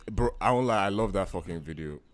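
Laid-back low-voiced man chatting. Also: lively intonation, fast talker, crowd noise. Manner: laid-back, swearing, trails off mid-thought. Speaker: podcast co-host. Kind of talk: casual chat.

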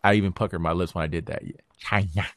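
A man hosting a podcast, talking politics in a casual, animated way, full of slang and swearing and quick impressions of other people. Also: sits low, dry recording, studio quality. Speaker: podcast host.

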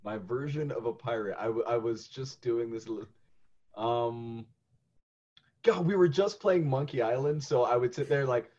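A man's voice: mid-range voice, a little slow, darkish tone, dull audio. A man co-hosting a podcast in playful, goofy casual chat, drawing out his words. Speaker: podcast co-host.

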